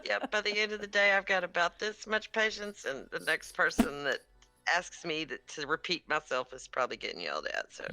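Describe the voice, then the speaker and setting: An older woman with a very bright, lively voice chats on a stream. She teases and laughs often, and her pitch swings widely as she talks. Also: brisk, faint music behind. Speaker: livestream guest. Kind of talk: casual chat.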